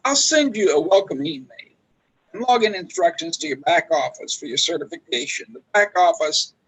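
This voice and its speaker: A man's voice: a little high, animated, normal speed, fairly bright tone, breathy edge, dry recording, poor audio. A man doing a sales call role-play, polite and following a script. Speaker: trainee recruiter.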